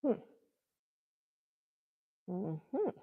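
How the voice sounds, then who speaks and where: A woman's voice: medium pitch, sing-song, very slow, gravelly, husky, long reverb tail, narrow, tinny audio. A woman vlogger thinking aloud to herself as she paints, musing in murmured asides. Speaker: art vlogger.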